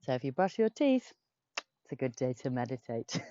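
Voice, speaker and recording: A woman's voice: a bass voice, very animated, normal speed, warm tone, no echo, lo-fi sound. A woman teaching a children's yoga class, playful and sing-song as she leads poses and tells a little story.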